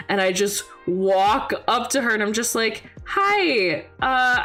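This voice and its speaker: A young woman streamer telling a story in casual chat, animated, often laughing and acting out the voices of people she quotes. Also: lowish voice. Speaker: vtuber streamer. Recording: faint music behind the voice.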